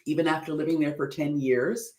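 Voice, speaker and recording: An American woman hosts a casual public speaking livestream, chatting loosely with her viewers. She pokes fun at herself and her pitch jumps high on exclamations. The sound carries some room echo. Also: a little fast. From United States. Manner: chatty, self-deprecating, animated with sudden high exclamations.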